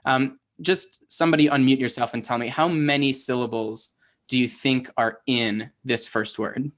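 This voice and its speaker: Over a video call, a Hebrew teacher leads his online lesson, patiently explaining and regularly asking how his students are doing. He speaks at a moderate pace in a mid-range, fairly bright voice with fairly even intonation.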